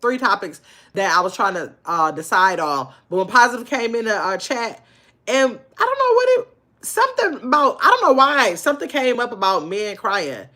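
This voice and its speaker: A woman's voice: a little high, sing-song, normal speed, pushed and bright. An older woman hosting a casual livestream, chatting loosely and answering viewers' comments as they come in. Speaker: livestream host.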